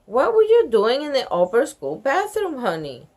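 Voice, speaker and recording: Kind teacher, soft coaxing manner, a bit higher , as a woman reader plays her. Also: wildly swooping pitch, moderate pace, full character voice. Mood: gentle.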